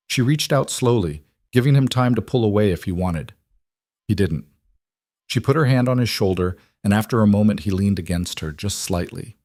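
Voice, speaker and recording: A male narrator reads a western story in an even, measured way. His voice is low and the recording is dry and close, with no room sound. The delivery is steady and scripted throughout. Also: no room sound.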